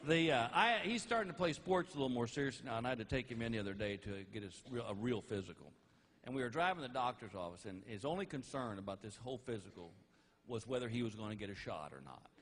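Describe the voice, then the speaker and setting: A man's voice: mid-range voice, lively intonation, fast, fairly bright tone. A middle-aged man doing stand-up storytelling, chatty and amused, often laughing at his own stories. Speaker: stand-up comedian.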